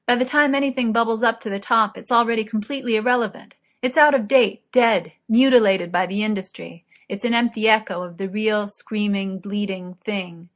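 A woman reading aloud, voicing a fiery young male poet who rants loudly and dramatically. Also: medium pitch, normal speed, close to an everyday voice. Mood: ranting. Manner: loud, impassioned ranting.

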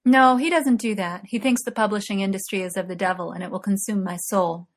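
A woman reading aloud, voicing a cheerful, talkative young male artist in quick, eager chatter. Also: mid-range voice, fairly even intonation, close to an everyday voice. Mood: chatty.

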